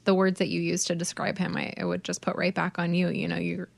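Low gravelly woman host, dry sound. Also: level tone, fast talker, no echo. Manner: warmly appreciative, supportive listener. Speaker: podcast host. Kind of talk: casual interview chat.

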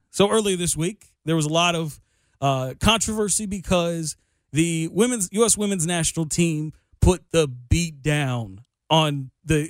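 Young male sports radio host, slightly high voice, loose and rambling, dry studio mic. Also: no echo. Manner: loose, rambling, self-deprecating. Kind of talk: casual sports radio talk. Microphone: studio microphone.

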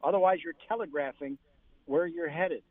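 A man's voice: on the high side, normal speed, dry recording. Male sports reporter on a tinny phone line. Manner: animated, quotes coaches in lively bursts. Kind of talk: phoned-in radio interview.

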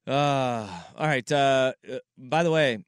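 A man's voice: mid-range voice, fairly even intonation, clear, resonant tone, dry recording. A man hosting sports talk radio in a studio, opinionated and emphatic. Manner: emphatic, opinionated, quick to agree. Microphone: studio microphone.

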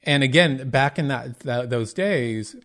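A man's voice: medium pitch, unhurried, fairly bright tone. A middle-aged man hosting his own show, telling a personal story in a candid, earnest way, with many restarts and quoted dialogue. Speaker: podcast host.

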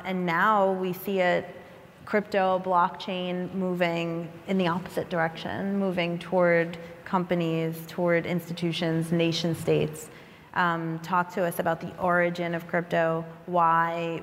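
A woman moderating a conference panel, asking measured, thoughtful questions. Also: lowish voice, in a large hall, slight background noise. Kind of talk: panel discussion. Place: conference stage.

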